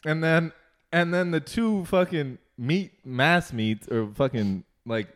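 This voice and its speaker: A young man telling a bar story to a friend in casual chat, animated and swearing, laughing along the way. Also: a little high, slow.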